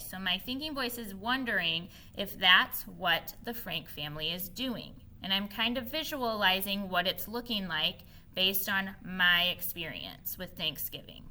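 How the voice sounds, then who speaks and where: A woman teacher modeling a reading lesson for young children on her own camera, expressive and patient, repeating key points slowly. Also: medium pitch.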